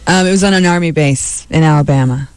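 A man's voice: a little high, fast, smooth, no room sound. A man co-hosting a call-in radio show, chatting and laughing along. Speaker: radio co-host. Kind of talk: comic call-in radio banter.

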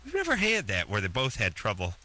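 Wisecracking bright-voiced radio host. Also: male voice, fairly low pitch, wildly swooping pitch, fairly quick. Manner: wisecracking, sarcastic and crude. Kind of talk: late-night radio call-in chat. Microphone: studio microphone.

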